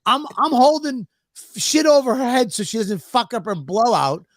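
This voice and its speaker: Animated high-voiced storyteller man. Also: normal speed, no room sound, clean studio sound. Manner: profane, exasperated storyteller who acts out both sides. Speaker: podcast co-host.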